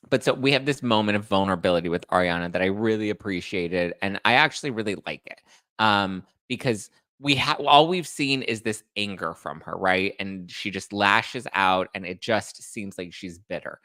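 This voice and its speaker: A man hosting a live stream and recapping reality TV in a fast, chatty, sassy way, throwing shade. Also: fairly low pitch, creaky, pushed and bright, no room sound, studio quality. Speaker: podcast host recapping reality TV.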